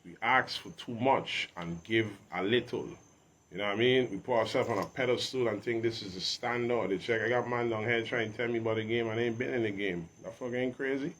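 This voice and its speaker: A man from Saint Thomas with a Virgin Islands accent, talking as an interview guest in a preachy, emphatic way that often rises loud. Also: medium pitch, a little fast, a little hiss or hum. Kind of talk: casual reasoning talk.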